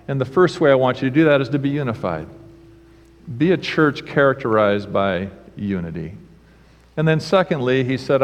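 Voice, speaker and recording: A man's voice: mid-range voice, animated, moderate pace, dull audio. A man preaching a sermon as pastor, telling a humorous story and then teaching, in a preacherly storytelling manner. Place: church sanctuary. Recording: church sanctuary with long reverb.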